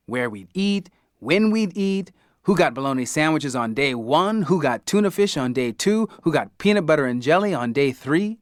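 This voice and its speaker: A man narrating an audiobook in the first person, with an expressive, wry storytelling manner. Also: on the high side, normal speed, no room sound, studio quality.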